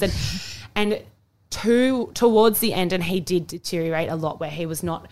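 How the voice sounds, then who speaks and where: A woman's voice: mid-range voice, moderate pace, a little mellow. A young adult woman with an Australian accent, co-hosting a podcast and talking casually and emotionally, with many restarts and fillers. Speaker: podcast co-host. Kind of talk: casual chat.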